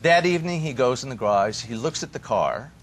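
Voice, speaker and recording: A man as a therapist guest on a TV talk show, giving relationship advice in an animated, storytelling way. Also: medium pitch, a little fast, a little hiss or hum. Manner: animated storyteller who acts out quoted voices.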